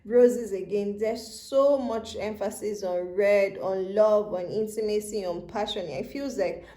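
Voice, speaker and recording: A woman's voice: mid-range voice, unhurried, dark tone, echoey room. Tearful woman giving a tender tarot reading. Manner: tender, emotional, addresses listener as baby and love. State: tearful, near crying. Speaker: tarot reader. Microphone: handheld phone camera.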